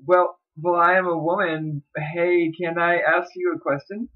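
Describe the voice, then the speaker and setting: A man's voice: a little high, flat delivery, measured pace, phone-quality sound, voice pushed up. A man putting on a girlish voice to play a ditzy young fangirl chatting with a stranger online. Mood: giddy.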